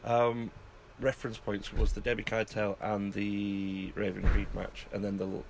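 A man's voice: on the low side, monotone, normal speed, creaky, a little mellow, a little hiss or hum. A man interviewing a wrestler, asking loose, rambling questions in a casual chat.

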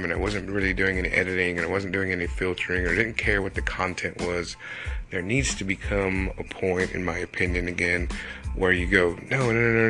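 A young man, rambling and joking through a casual solo podcast. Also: low voice. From Texas. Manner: rambling, joking, animated asides. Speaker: podcast host.

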